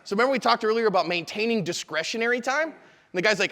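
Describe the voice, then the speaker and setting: Upbeat male instructor in an echoey hall. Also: high voice. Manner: energetic, conversational, quick asides. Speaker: self-defense instructor. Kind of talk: live seminar talk. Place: convention hall seminar room.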